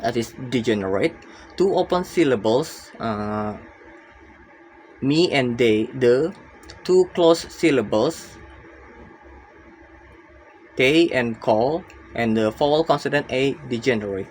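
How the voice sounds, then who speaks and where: Young male student, mid-pitched, reads his class presentation with some hesitation, faint noise behind. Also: lively intonation, takes it slowly, long pauses, low-quality recording. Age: young adult. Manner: careful reading with frequent uh fillers and restarts.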